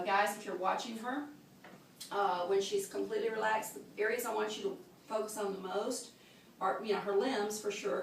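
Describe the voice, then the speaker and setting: A woman's voice: mid-range voice, creaky, a little hiss or hum. Woman teaching a childbirth class. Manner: practical, demonstrating with gestures. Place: classroom at a birth center. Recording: echoey room, mic far off.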